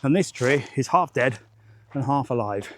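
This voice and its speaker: A man doing an impression of a gentle older male TV gardening presenter, speaking outdoors on a hillside. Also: mid-range voice, animated, moderate pace, slight background noise, lightly acted. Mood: earnest.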